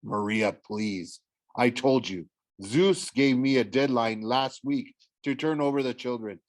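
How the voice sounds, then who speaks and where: A man's voice: medium pitch, a little slow, dry recording, close to an everyday voice. Agitated god pleading, urgent, man does the read.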